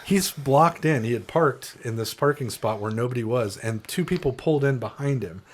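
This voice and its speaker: A man's voice: mid-range voice, moderate pace. A man, a podcast co-host, telling a long profane story in casual chat with friends and acting out the people in it.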